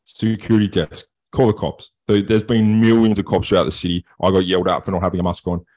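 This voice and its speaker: A man, co-hosting a podcast and telling a long story in casual chat, sweary and animated. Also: sits low, fast talker. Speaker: podcast co-host.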